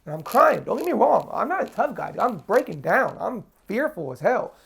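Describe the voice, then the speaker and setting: A man's voice: high voice, very animated, moderate pace, creaky, a bit bright, husky. A man telling his own story in a casual interview, frank and emotional, acting out what others said to him. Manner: vivid storyteller acting out other people's lines. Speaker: interview guest.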